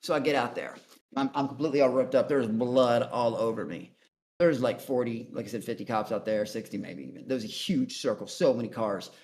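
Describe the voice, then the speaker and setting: A man's voice: medium pitch, brisk, a little mellow. A man telling a story as a guest on a call-in show, blunt and profane, rambling through his account. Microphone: online voice chat.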